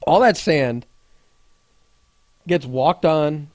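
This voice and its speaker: A man's voice: a little high, slow pace, long pauses, a little mellow, no room sound. A man co-hosting a podcast in casual chat, blunt and grumbling with crude banter. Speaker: podcast co-host.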